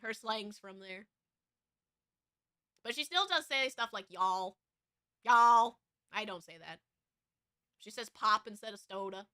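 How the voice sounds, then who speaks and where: A woman streamer with an American West Coast accent chats casually and rambles from thought to thought. Her voice is high and very bright, with a smooth, clean tone. It is recorded close and dry. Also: big pitch swings, a little slow, pauses often, no echo. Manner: rambling, with frequent fillers and restarts. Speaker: VTuber streamer. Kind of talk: casual chat.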